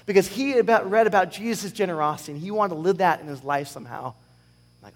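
A man preaching a conversational sermon, reading scripture with animated sarcasm. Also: sits high, fast, long reverb tail. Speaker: pastor.

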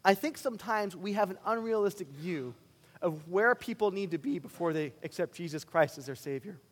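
A man preaching a sermon as a pastor, animated and swinging between loud emphatic bursts and quiet, earnest asides. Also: sits high, a little fast, in a large hall.

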